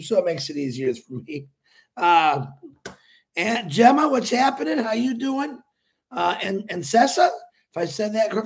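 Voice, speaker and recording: High gravelly man hosting a live stream. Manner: chatty, laughs often, greets viewers by name; emphatic, repeats his points. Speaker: livestream host. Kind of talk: casual live stream talk.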